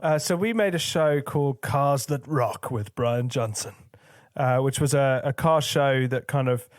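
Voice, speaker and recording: A man's voice: mid-range voice, unhurried, no room sound, clean studio sound. A man chatting as a podcast guest, candid and crude, often laughing. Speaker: guest, video director and producer. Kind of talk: casual podcast chat.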